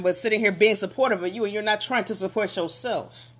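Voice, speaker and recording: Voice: medium pitch, a little fast, a bit bright. A speaker giving a casual motivational monologue about relationships, talking emphatically with lots of repetition and building to passionate pushes.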